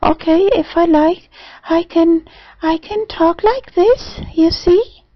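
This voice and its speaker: A trans man putting on a ridiculously high, squeaky falsetto, like an innocent kitty, in a dull, dry lo-fi recording. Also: takes it slowly, no room sound.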